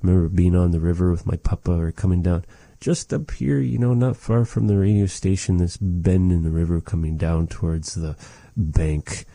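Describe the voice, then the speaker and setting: A male language teacher talks in a deep, mellow voice, slowly and patiently explaining each word and repeating it. The sound is dry and close, with no room around it. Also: fairly even intonation, gravelly, dry recording. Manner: slow, patient, repeats words after recordings. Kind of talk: language lesson.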